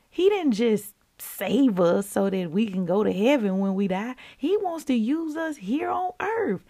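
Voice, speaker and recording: Lively woman hosting a devotional podcast. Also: medium pitch, creaky. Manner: lively, chatty, calls listeners y'all. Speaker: podcast host.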